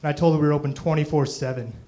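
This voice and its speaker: A man's voice: on the high side, fairly even intonation, rapid-fire, mellow. A young man doing a stand-up comedy set on stage, rambling and self-deprecating, full of "you know" and "um".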